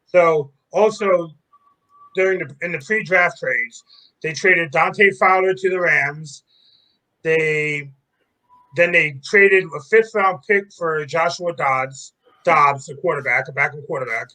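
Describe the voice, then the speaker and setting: A man's voice: on the high side, slow pace, pushed and bright, poor audio. A man co-hosting a sports podcast, casually running through teams and trades one by one.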